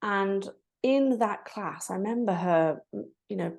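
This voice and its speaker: A woman's voice: mid-range voice, a little slow, gravelly. A woman, a breathwork facilitator, candidly telling her personal story in a podcast interview and bringing quoted moments to life. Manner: candid, reflective, with animated quoted asides.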